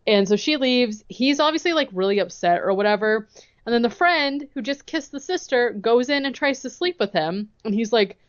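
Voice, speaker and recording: A woman's voice: on the high side, lively intonation, moderate pace, no echo, dull audio. A woman co-hosting a podcast in casual chat, recapping a movie scene by scene. She leans on "like" a lot and acts out the characters' lines and her own reactions. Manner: chatty, heavy use of "like", quotes characters and her own reactions. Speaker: podcast co-host.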